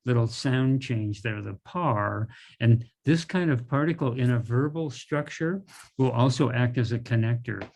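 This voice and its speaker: Speaking at a medium pitch, a middle-aged language teacher runs his class casually and unhurriedly. He works through the vocabulary slowly and keeps asking "right?" and "okay" along the way.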